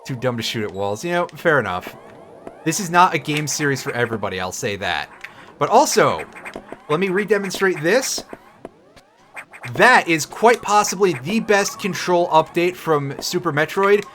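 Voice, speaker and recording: A man's voice: a little high, big pitch swings, normal speed, a bit bright, a little hiss or hum. A man streaming a game, giving casual, sarcastic commentary with swearing and jokes. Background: game music.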